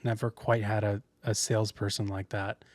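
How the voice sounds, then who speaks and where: A man's voice: on the low side, little pitch movement, normal speed, no echo. A young man, a podcast co-host telling a rambling story in casual chat with many restarts.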